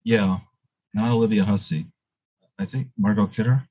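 A man's voice: fairly low pitch, fairly even intonation, moderate pace, mellow, breathy edge, no echo, poor audio. A man guest in a casual interview, telling rambling stories full of fillers and restarts.

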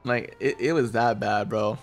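A man's voice: fairly low pitch, fairly even intonation, a little slow, vocal fry, soft background music. A man streaming a game and chatting casually, telling stories animatedly, laughing often and calling people bro. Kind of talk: casual gaming stream chat.

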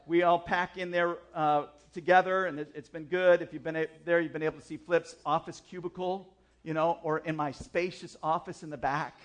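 A man preaching a sermon as the church's pastor, telling a personal story in a chatty, animated way with asides and self-deprecating jokes. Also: a little high. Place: church service.

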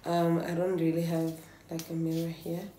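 A woman's voice: on the low side, completely flat delivery, normal speed, warm tone. A young woman from South Africa, chatting casually and nervously to camera in a home vlog, thinking aloud as she goes. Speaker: beauty vlogger. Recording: echoey room.

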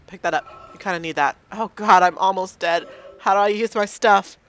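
A woman's voice: mid-range voice, moderate pace. A woman playing a horror game and commenting casually, nervous and self-mocking, talking to the game. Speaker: let's play gamer.

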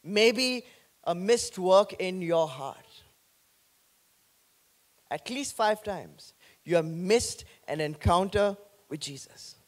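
A man pastor preaching an animated sermon, joking with the congregation. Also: high-pitched, takes it slowly, long pauses.

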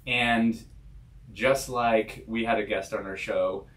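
A man's voice: fairly low pitch, fairly even intonation, slow, a bit bright. A male podcast host chatting casually in an upbeat, joking way.

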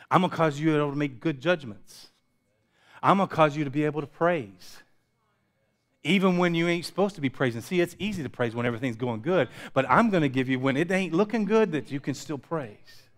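A pastor preaching a sermon, building intensity through repetition and dropping to quiet asides. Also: male voice, a little high, fairly quick. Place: church sanctuary.

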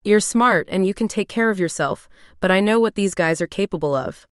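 A woman reading as a calm, protective man. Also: mid-range voice, brisk, no room sound, clean studio sound, lightly acted. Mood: earnest.

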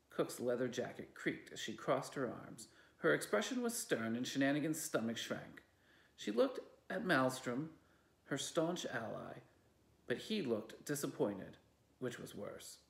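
A library reader narrating a children's novel aloud with expressive, animated delivery. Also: medium pitch, normal speed, creaky. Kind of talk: storybook reading aloud. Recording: roomy echo.

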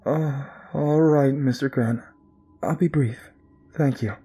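A man's voice: mid-range voice, takes it slowly, warm tone, faint music behind, pitched above the performer's own voice. A man voicing a frightened young pregnant wife who speaks tearfully over a radio. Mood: anxious. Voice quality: breathy, tearful.

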